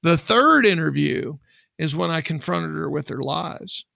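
Middle-aged man, ex-investigator type, very gravelly voice, dry close sound, rambling storyteller. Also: fairly high pitch, expressive, a little slow, pushed and bright, no echo. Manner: rambling, acts out quoted dialogue. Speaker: podcast co-host, former investigator. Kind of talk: casual true-crime storytelling.

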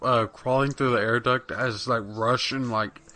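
A man's voice: medium pitch, fairly even intonation, a little slow, sharp tone. A young man rambling casually about video games on a podcast, with lots of fillers and swearing. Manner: rambling, profane, many fillers. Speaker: podcast co-host. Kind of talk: casual gaming chat.

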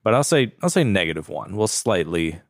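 A man's voice: low-pitched, brisk, dry recording, clean studio sound. A man co-hosting a podcast, chatting casually and joking while he tastes and rates whiskey. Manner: relaxed, joking, rating whiskey aloud. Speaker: podcast co-host. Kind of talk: casual chat.

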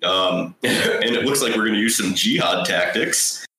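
A man's voice: lowish voice, unhurried, bright, forceful tone, roomy sound, poor audio. A man co-hosting a casual movie review podcast, rambling and sardonic, swearing freely. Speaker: podcast co-host.

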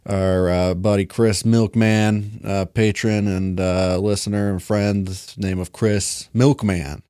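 A man with a lowish voice co-hosts a comedy podcast, rambling loosely and laughing a lot. His voice is close and dry, with no room echo. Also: level tone, slow pace, dark tone, clean tone. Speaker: podcast co-host. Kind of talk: casual comedic chat.

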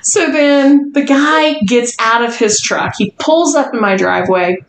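A woman's voice: a little high, measured pace. A woman podcast host telling a story casually, swearing a lot and acting out what people said. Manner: profane, animated, quotes people. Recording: roomy echo, faint noise.

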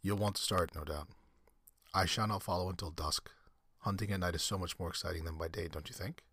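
A man's voice: low-pitched, steady tone, fairly quick, a bit bright, husky, no echo, clean studio sound, exaggerated voice. General Zaroff, a courtly, menacing old aristocrat, read by a man. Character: suave, cruel aristocratic old general who hunts men.

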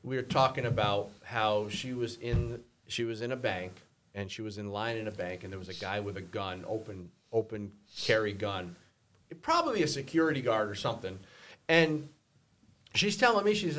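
Animated man telling a story. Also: medium pitch, normal speed. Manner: animated storytelling, acts out quotes. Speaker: podcast co-host. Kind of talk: casual chat.

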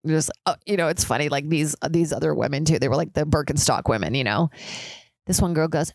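A woman's voice: fast talker, gravelly, darkish tone, no echo. A young woman hosting a casual solo podcast, chatty and swearing, peppered with "like". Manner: mimics others in high squealing voices. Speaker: podcast host.

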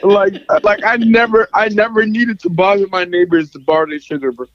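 Male podcast guest, high-pitched and defensive, says "bruh" often, dull lo-fi recording. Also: fairly even intonation, fairly quick, a bit bright. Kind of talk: casual chat.

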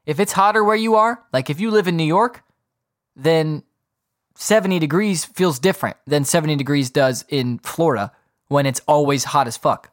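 A man hosting a solo podcast, rambling in an animated, casual way with frequent swearing. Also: a little high, no echo, studio quality. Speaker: podcast host.

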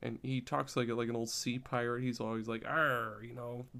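A man's voice: mid-range voice, little pitch movement, a little fast, creaky, clear, resonant tone. A man chatting casually on a podcast, rambling and repeating words as he explains. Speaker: podcast co-host.

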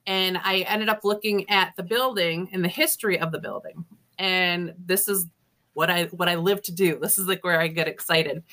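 A woman's voice: on the low side, normal speed. A woman guest author in an interview, telling ghost stories casually and acting out other people's lines as she goes. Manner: lively storyteller, acts out quoted dialogue, laughs often.

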